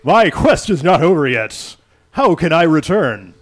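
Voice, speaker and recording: A man voicing a determined male adventurer hero, speaking his lines slowly and with earnest heroic conviction. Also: on the high side, very animated, voice pushed up. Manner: slow, loud, earnest heroic declaring.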